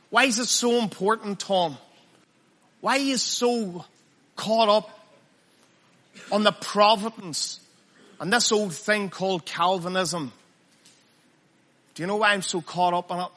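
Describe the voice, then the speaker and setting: High, bright-voiced man preaching a sermon. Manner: emphatic, fires rhetorical questions at the congregation.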